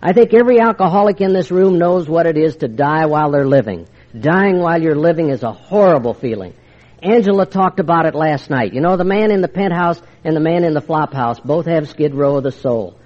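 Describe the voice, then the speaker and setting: Older guy telling his story at a meeting, wry and confiding, slightly high voice, muffled old tape sound. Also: animated, brisk. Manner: wry, confiding storyteller who acts out quoted exchanges. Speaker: speaker sharing his recovery story. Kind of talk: storytelling talk to a recovery meeting. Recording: dull lo-fi recording.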